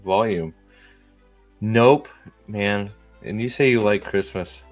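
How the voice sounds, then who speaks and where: A man with a lowish voice hosts a relaxed livestream, joking around, rambling and swearing freely. He goes from one bit to the next with loose, offhand energy. Faint music plays under his voice. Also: takes it slowly. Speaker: streamer host. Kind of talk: casual livestream chat.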